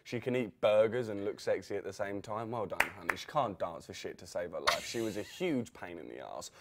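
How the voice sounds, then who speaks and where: A man's voice: fairly low pitch, animated, brisk, heavy background noise. A man co-hosting a casual TV recap chat, blunt and cheeky, laughing often. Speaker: co-host.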